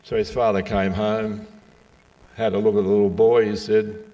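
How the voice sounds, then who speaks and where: A man's voice: on the low side, level tone, dark tone, recorded from a distance, lo-fi sound. Older man telling jokes. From Western Australia. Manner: slow, folksy joke-telling with asides to the crowd. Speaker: speaker giving a talk. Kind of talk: storytelling and jokes to a live audience.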